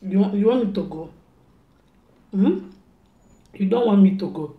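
A woman's voice: mid-range voice, animated, a little slow, echoey room, narrow, tinny audio. A young woman, speaking to her son at home in a scolding, repetitive way as part of a prank. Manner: scolding and repetitive, mock-stern. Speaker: mother and vlogger. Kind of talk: casual family prank talk.

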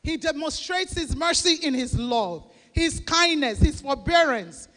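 A woman pastor preaching a sermon, leading the congregation in call-and-response and often rising to shouts. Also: high voice, lively intonation, a little slow. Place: church. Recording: long reverb of a large church hall.

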